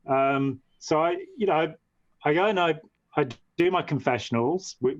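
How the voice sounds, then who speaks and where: This medium-pitched man is a podcast guest who once belonged to a movement. He spins a long conversational story, wandering off, starting over and leaning heavily on "you know." The sound is dry, dull and lo-fi.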